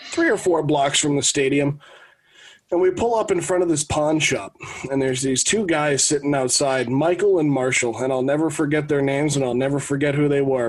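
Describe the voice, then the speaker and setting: A man in his thirties, from New England, who talks at a somewhat high pitch for a man. He co-hosts a casual sports podcast and tells stories animatedly, often restarting his sentences as he goes. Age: 30s. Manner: animated anecdote telling with frequent restarts. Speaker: podcast co-host.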